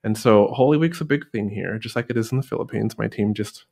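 Male podcast host, gravelly fry in his voice, easygoing, chuckles through stories. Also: on the low side, fast talker. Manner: relaxed, laughing anecdote-teller. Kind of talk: casual conversation.

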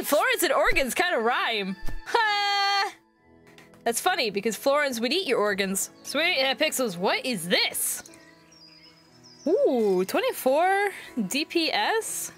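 A bubbly woman with a high voice chats her way through a video game, gasping and squealing whenever something cute turns up. Her commentary is casual and excitable. Game music plays clearly behind her. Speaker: gaming video host. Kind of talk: casual let's-play commentary.

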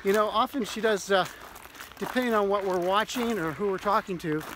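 A man from Ohio co-hosting a casual chat, halting with lots of fillers and laughs. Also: high-pitched, noisy background. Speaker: co-host.

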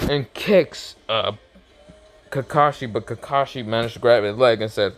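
A young man casually retelling a fan-made story, rambling with fillers and restarts and jumping into excited quoted lines. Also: mid-range voice, moderate pace.

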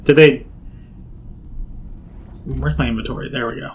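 A man giving loud, jokey game commentary, swearing and yelping in fright as he plays. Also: mid-range voice, lively intonation, fairly quick, pauses often. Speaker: gaming video creator.

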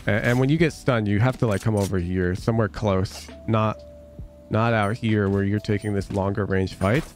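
A man's voice: fairly low pitch, steady tone, normal speed, soft background music. A man coaching over a gameplay review, blunt and emphatic, casual and sweary, repeating phrases for sarcastic effect. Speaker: game coach.

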